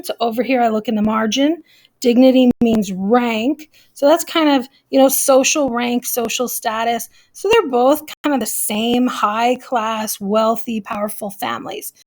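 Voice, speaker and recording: Woman teacher walking through a lesson real slow, kinda high voice, step by step. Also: a little mellow. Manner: methodical, explains step by step and counts aloud. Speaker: English teacher. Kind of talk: recorded classroom lesson walkthrough.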